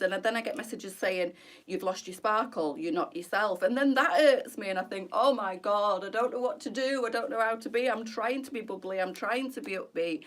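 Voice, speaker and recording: A woman's voice: lowish voice, moderate pace. A middle-aged woman, a boutique presenter chatting candidly and emotionally on a live stream, answering viewers by name.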